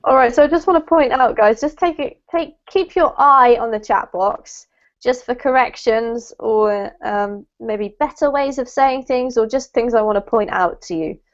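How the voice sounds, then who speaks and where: A woman runs an online English class, warmly praising and correcting word stress. Her voice sits a little high. The call audio is dull and lo-fi. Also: normal speed. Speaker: English pronunciation teacher.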